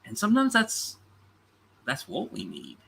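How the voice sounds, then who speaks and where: A man's voice: sits high, wildly swooping pitch, unhurried, gravelly, sharp tone, slightly rough. A man hosting a podcast in casual conversation, reflective and supportive, with short agreeing replies. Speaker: podcast host.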